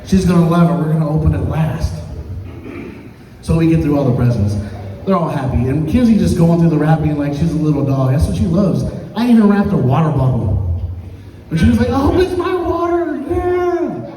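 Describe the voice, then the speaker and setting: A man in his thirties doing an open mic stand-up set, telling stories and acting out quotes with big jumps in pitch. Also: a little fast, dark tone. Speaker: stand-up comedian. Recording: echoey hall from far off, faint room noise.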